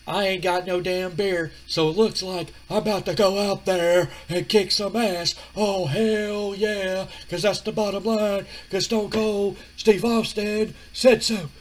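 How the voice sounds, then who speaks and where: A man's voice: high voice, fairly even intonation, measured pace, few pauses, voice pushed up. A man doing a cocky foul-mouthed tough wrestler. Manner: gruff, cocky, defiant delivery.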